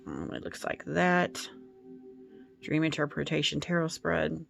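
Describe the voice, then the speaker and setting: Slow, heavily creaky woman vlogger. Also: low voice, steady tone, a bit bright, soft background music. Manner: meandering, hesitant storytelling. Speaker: tarot-reading YouTuber. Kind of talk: casual vlog storytelling.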